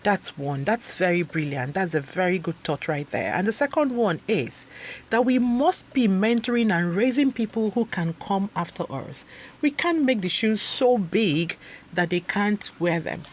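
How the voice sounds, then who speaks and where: A woman's voice: mid-range voice, measured pace. A woman with a Nigerian accent hosting a live interview, affirming her guest and slipping into Pidgin. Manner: animated, affirming, mixes in Pidgin. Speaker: interview host.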